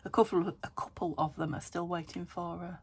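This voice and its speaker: A British woman chatting casually as she crafts at home, rambling, thinking aloud and dropping into soft muttered asides. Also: fairly low pitch, brisk. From United Kingdom. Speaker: craft vlogger. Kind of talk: casual chat while crafting. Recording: steady background noise.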